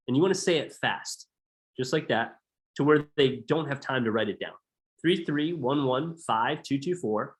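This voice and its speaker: A man coaching salespeople on a call, speaking in an energetic, emphatic way and repeating key points. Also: on the high side, normal speed. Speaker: sales trainer.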